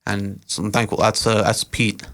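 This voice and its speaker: This young man, a rapper who also organizes events, rambles through long anecdotes on a podcast in a laid-back, casual way. His voice is slightly low, and his easygoing delivery is peppered with "uh"s and small false starts.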